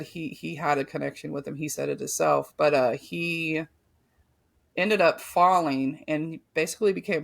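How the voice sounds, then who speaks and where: A woman's voice: low voice, vocal fry. A young woman guest on a podcast, telling a personal story in a loose, rambling way full of "like" and "you know".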